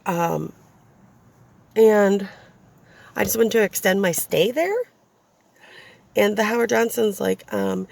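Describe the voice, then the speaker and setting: A young woman vents into a shaky handheld phone from inside her car, blunt, profane and thoroughly fed up. Her voice is gravelly with a husky, rough edge. She talks in a loose, unscripted way, like someone ranting to her followers. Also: mid-range voice, measured pace, long pauses, darkish tone. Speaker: vlogger, single mother. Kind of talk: casual venting vlog.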